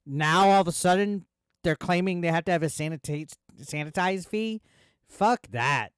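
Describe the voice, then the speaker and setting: A man's voice: high voice, moderate pace, clean tone, no room sound, studio quality. Heated, foul-mouthed man ranting. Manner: profane, heated ranting with filler words. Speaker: streamer. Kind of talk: casual live-stream rant.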